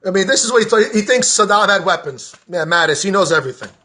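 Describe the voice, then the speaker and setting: A man podcaster giving a heated, profane political rant straight to camera, openly shouting. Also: high voice, lively intonation, fast talker.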